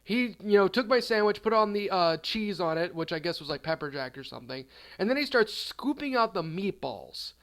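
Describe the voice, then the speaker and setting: A man's voice: high voice, a little fast. A man telling an absurd comedic storytime in a rambling, offhand way. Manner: rambling, deadpan absurd, trailing off. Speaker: storyteller, channel host.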